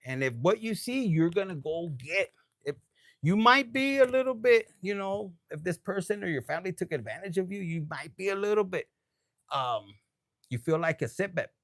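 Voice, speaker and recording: A man's voice: high-pitched, expressive, normal speed, fairly bright tone, no echo, clean studio sound. A man giving a casual live tarot reading, tipsy, loose and profane, dropping Spanish phrases. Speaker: tarot reader.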